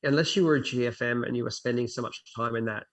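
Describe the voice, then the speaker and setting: A man's voice: mid-range voice, fast. A young man, a fitness instructor guest chatting casually in an interview and acting out his own inner voice as he tells stories. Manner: animated storyteller who acts out his own inner voice.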